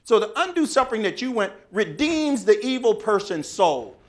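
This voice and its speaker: Male speaker, storytelling speech; dramatic, high and very lively. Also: normal speed.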